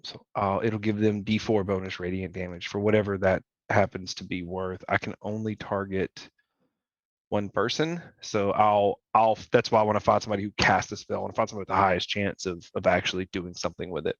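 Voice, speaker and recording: A man's voice: deep voice, flat delivery, brisk, dry recording, dull audio. A man playing a tabletop game, thinking aloud about his moves in a methodical way. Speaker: player.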